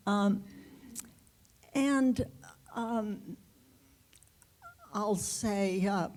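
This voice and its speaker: A woman being interviewed as a guest author, answering in an unhurried, reflective way with pauses and fillers. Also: medium pitch, animated, a little mellow. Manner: unhurried, reflective, halting with fillers and light laughs.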